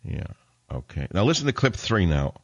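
A man's voice: low voice, big pitch swings, moderate pace, highs cut off. A male radio talk show host delivering an indignant, sarcastic monologue in a combative style.

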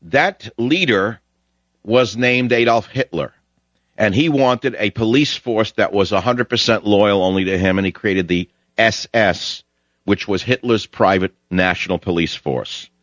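A deep-voiced man with a New York accent rants through an opinionated talk radio monologue, mocking and sarcastic, his voice leaping upward when he wants to make a point. The sound is dry and close, with a dull, lo-fi broadcast quality. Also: a little slow, fairly bright tone, no room sound. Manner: ranting, sarcastic, pitch jumps high for emphasis.

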